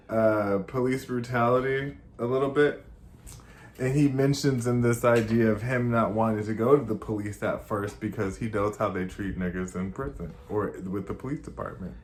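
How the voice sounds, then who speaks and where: A man co-hosting a podcast, chatting casually and reacting with loud exclamations and laughter. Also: mid-range voice. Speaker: podcast co-host.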